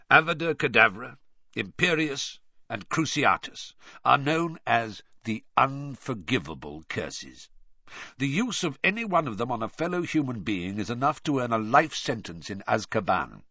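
Man reading as a stern old wizard drill-teacher, husky, barking, big swings in pitch. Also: sing-song, measured pace, pushed and bright, dry recording, full character voice. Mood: stern lecturing. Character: gruff scarred old male wizard teacher. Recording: dull dry recording.

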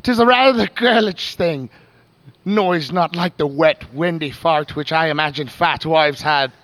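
A man putting on a lusty letter-writer, reading his lewd words with theatrical flair and a fairly high, lively voice. He keeps breaking up with laughter between phrases. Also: measured pace, creaky, no echo, heavily acted. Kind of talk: dramatic reading.

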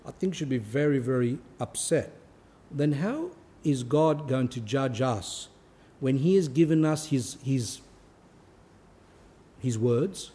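A man who is a priest, giving an earnest sermon with pauses for emphasis. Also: medium pitch, mellow. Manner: earnest, pausing to stress points.

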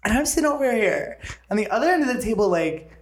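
A young man and podcast co-host telling a story in casual chat, animated and profane, acting out the lines of everyone in it. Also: extremely high pitch, fast, a little hiss or hum. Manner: animated, profane, dramatic retelling with lots of quoted dialogue. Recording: roomy echo.

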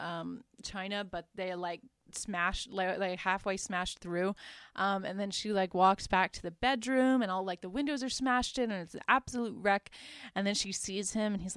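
Young woman, podcast host, smooth clear voice, dry close sound; chatty film recap, filler-heavy, amused. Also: mid-range voice, no room sound. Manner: chatty, lots of "like", laughs at her own asides. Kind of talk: casual movie recap.

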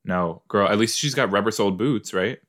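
A man's voice: fairly low pitch, a little fast, fairly bright tone. A man hosting a podcast, chatting casually and talking back at the screen as he watches an episode. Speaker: podcast host. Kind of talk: casual watch-along commentary.

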